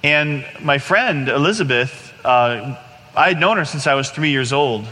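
A man in his forties giving an animated personal testimony to a congregation, acting out scenes as he tells them. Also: mid-range voice, a little slow, long reverb tail. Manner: animated storyteller, acts out scenes.

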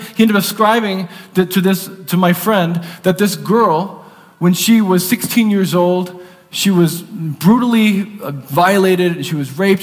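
A man preaching a sermon, telling a story earnestly and repeating words for emphasis. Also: high voice. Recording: long reverb of a large hall.

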